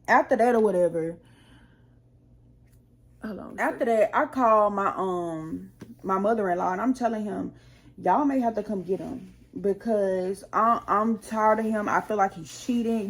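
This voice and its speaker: A woman hosting her own channel, telling a rambling storytime full of profanity and acting out her heated arguments. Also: medium pitch. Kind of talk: casual storytime monologue.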